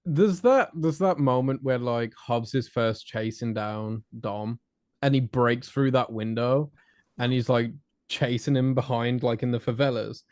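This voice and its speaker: A man guesting on a film podcast, talking in a loose, rambling way that is full of filler words. He speaks in a mid-pitched voice, and the sound is dry and close to the mic, with no room around it. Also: unhurried, dry recording. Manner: animated, rambling with many "like"s. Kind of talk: casual film discussion.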